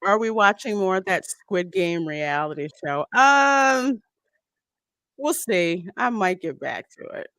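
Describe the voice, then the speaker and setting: A woman's voice: medium pitch, expressive, unhurried, a bit bright, smooth, no room sound, studio quality. A woman hosting a film watch party, chatting casually and reading viewer comments aloud.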